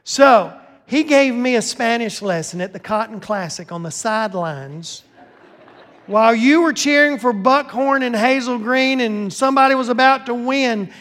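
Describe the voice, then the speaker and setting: A man with a notably high voice preaches to his congregation, lively and joking as he calls people up front. His handheld mic rings out with a long reverb through the church sanctuary. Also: normal speed. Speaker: pastor. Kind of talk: sermon with announcements.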